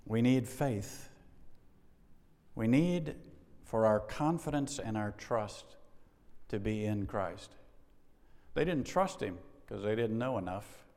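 A man's voice: lowish voice, lively intonation, takes it slowly, long pauses, a little mellow. A man preaching a sermon with emphasis, putting rhetorical questions to his congregation and asking for an "amen". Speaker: pastor. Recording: long hall reverb.

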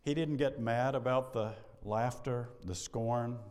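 A middle-aged man preaching a sermon, animated, acting out bits of dialogue and laughing now and then. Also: medium pitch, takes it slowly. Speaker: pastor. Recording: long hall reverb.

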